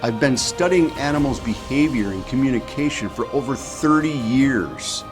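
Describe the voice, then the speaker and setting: A man's voice: medium pitch, animated, normal speed, over music. A middle-aged man teaching calling technique, patient and repeating key points. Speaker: game call instructor. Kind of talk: instructional demonstration.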